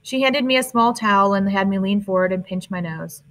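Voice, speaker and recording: A woman narrating a first-person novel in a plain, steady reading voice. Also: medium pitch, fairly quick, low-quality recording. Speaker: audiobook narrator. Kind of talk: audiobook narration.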